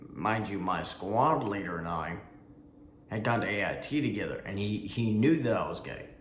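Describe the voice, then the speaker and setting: A man's voice: on the low side, lively intonation, moderate pace, a little hiss or hum. A man who served in the Army, casually telling a personal story in a rambling way, with lots of fillers, restarts and some swearing. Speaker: Army veteran vlogger. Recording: echoey room with faint ambience.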